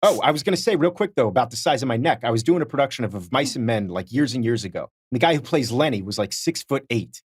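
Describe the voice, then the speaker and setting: A man's voice: medium pitch, animated, fast, few pauses, slightly rough, dry recording, clean studio sound. A man co-hosting a podcast, telling self-deprecating stories in casual chat and acting out the people he quotes. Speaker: podcast co-host.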